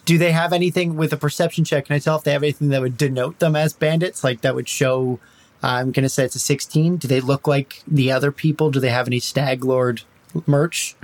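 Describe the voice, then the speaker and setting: A man's voice: mid-range voice, steady tone, a little fast. A man playing a tabletop role-playing game, chatting casually and laughing often. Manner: playful, laughs often, restarts. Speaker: player.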